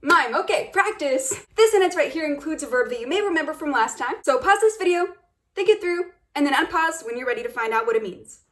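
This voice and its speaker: A woman's voice: sits high, lively intonation, brisk, a bit bright. A young woman teaching a casual video language lesson, upbeat and encouraging, talking straight to her viewers.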